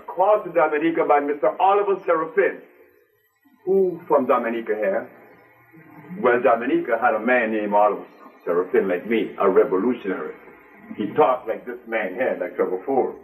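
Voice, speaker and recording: An older man giving an impassioned speech to a live audience, emphatic and repeating phrases for stress. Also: medium pitch. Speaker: speaker to an audience. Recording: distant mic with faint music.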